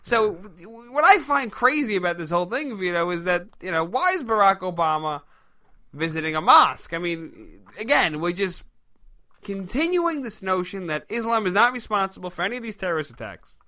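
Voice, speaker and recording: A man with a Brooklyn accent co-hosting a casual political talk show, opinionated and joking. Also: high voice. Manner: animated, opinionated, quick to joke. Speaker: co-host.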